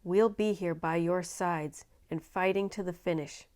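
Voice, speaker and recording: Woman reader as a steadfast young Irish farmhand in a storybook, Irish accent, low voice. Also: steady tone, unhurried, a little mellow, natural voice.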